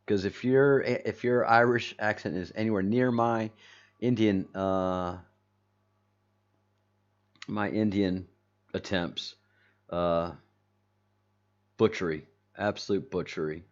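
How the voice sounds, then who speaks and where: A very deep-voiced man hosts a loose livestream, reading viewer comments aloud and rambling, often repeating or restarting his sentences. He speaks slowly with fairly even intonation and long pauses. The sound is dull and lo-fi, like a basic home streaming setup.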